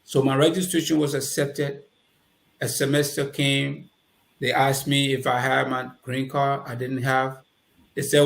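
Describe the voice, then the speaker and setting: A man's voice: mid-range voice, measured pace, creaky. A man with a Liberian accent, a guest telling his life story in conversation and acting out the dialogue he recalls. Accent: Liberian English. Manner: animated, acts out quoted dialogue. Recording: roomy echoey room.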